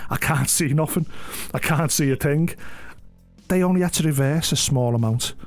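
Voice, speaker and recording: Chatty man, slightly high voice. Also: moderate pace, soft background music. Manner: rambling anecdotes, swears freely, laughs often. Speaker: game streamer. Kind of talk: casual chat on a live stream.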